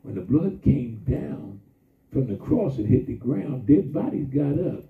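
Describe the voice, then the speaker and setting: A male preacher with a gravelly voice that swings up and down. His slow, drawn-out emphasis gives way to quick asides. The sound is thin and phone-like, and it echoes from far off in a big room. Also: mid-range voice, very animated. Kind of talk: sermon.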